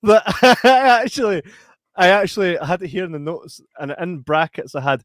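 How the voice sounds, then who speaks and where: A man in casual podcast chat, his voice sitting a little high and bouncing all over the place. He laughs constantly and breaks into loud yelps as he acts out scenes. The sound is dry and close, with no room around it. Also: expressive, normal speed, no room sound. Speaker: podcast co-host.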